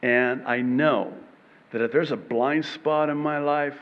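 A man preaching a sermon in an animated way, acting out short exchanges and laughing between points. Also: mid-range voice, slow, long reverb tail, lo-fi sound. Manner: animated, acts out little dialogues with laughs. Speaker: pastor.

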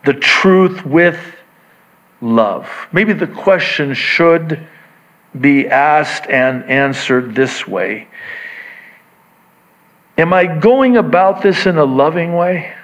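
A man preaching a sermon, unhurried, repeating key words and swinging between quiet asides and raised emphasis. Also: a little high, animated. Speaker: pastor. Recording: dull lo-fi recording.

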